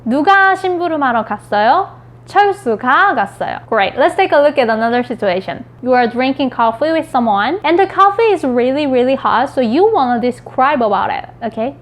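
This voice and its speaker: Quick, high-voiced Korean teacher woman. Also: lively intonation. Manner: repeats example phrases quickly and checks in with "okay?" and "right?". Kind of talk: explaining grammar with spoken example sentences.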